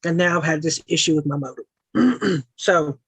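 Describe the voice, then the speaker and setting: A woman's voice: low voice, moderate pace, husky, dry recording, low-quality recording. A woman from Middle Tennessee with a Tennessee accent, hosting a casual livestream chat in a frank, sarcastic way, from her home. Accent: Tennessee Southern. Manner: frank, sarcastic, chatty with frequent asides. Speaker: livestream host.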